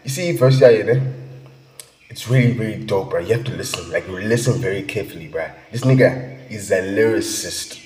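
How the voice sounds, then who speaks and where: A young South African man with a low voice talks hyped and slangy, dropping "bruh" and "you feel me" again and again. He sounds like he is in a room with heavy echo and a long ringing reverb. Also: moderate pace, darkish tone. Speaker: music reaction vlogger. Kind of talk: casual reaction chat.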